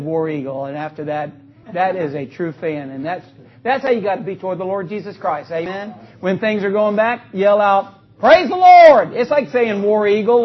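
A man preaching an energetic sermon in a church, joking with the congregation and calling for responses. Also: high-pitched, husky. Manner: calls out to the congregation, joking, rising to loud exclamations. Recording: dull lo-fi recording.

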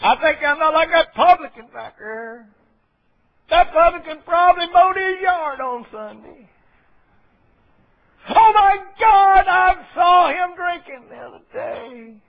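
A man's voice: extremely high pitch, animated, slow pace, pitched above the performer's own voice, heavily acted. A man voicing a self-righteous Pharisee who gossips in scandalized exclamations. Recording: dull lo-fi recording.

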